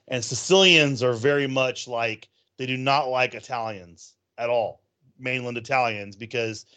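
Rambling through theme park news stories full of ums, this podcast co-host from California keeps the chat casual. His voice is mid-range with a fairly bright tone.

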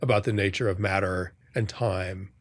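A man speaking as a podcast guest in a reflective conversation, halting and often restarting his sentences. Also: low voice, fairly even intonation, no echo. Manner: halting, many restarts and self-corrections. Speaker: guest, war journalist and author.

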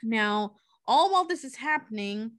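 A woman's voice: on the high side, lively intonation, moderate pace, no room sound. A woman casually retelling a story, breezy and profane, briefly acting out the characters' lines.

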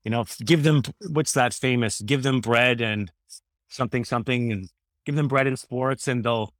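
A man in his thirties speaks earnestly as a podcast guest. His talk rambles and he often restarts sentences. His voice is mid-pitched and sounds dry and close, with no room sound. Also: moderate pace, fairly bright tone, no echo. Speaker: guest, former radio host. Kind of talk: casual conversation.

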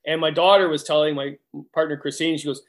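A man's voice: fairly high pitch, fairly even intonation, fast talker. A man, a guidebook author talking as a guest in a hyper, rambling way with many restarts. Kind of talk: casual interview chat.

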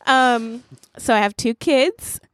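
A woman's voice: on the high side, takes it slowly, fairly bright tone, no room sound. A young woman, a guest on a casual faith chat, speaking sincerely with many fillers. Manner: chatty, filler-heavy, sincere.

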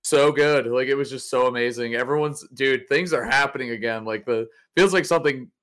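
A man co-hosting a casual gaming podcast, excitable and swearing freely as he chats. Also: medium pitch, fairly quick. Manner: excitable, swears freely, says "dude" a lot. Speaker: podcast co-host and esports commentator. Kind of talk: casual chat.

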